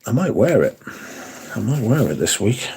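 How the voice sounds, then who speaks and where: A man's voice: medium pitch, big pitch swings, moderate pace, vocal fry, a little mellow, slight background noise. A man hosting a casual livestream, chatting with viewers and swearing freely, his voice worn down by a sore throat. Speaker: livestream host.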